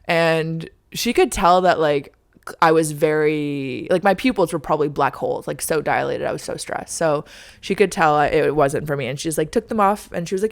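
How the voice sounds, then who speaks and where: A woman's voice: deep voice, normal speed, gravelly. A young woman hosting a podcast, telling a story in a chatty, dramatic way, full of "like" and acted-out lines. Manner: chatty, heavy use of "like", dramatic re-enactments. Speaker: podcast host. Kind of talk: casual storytelling monologue.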